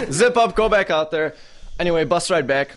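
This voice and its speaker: A man's voice: high-pitched, lively intonation, a little slow, fairly bright tone, a little hiss or hum. A young man casually telling a profane story on a podcast, laughing as he goes. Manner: profane, laid-back, laughing through the story. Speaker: podcast co-host.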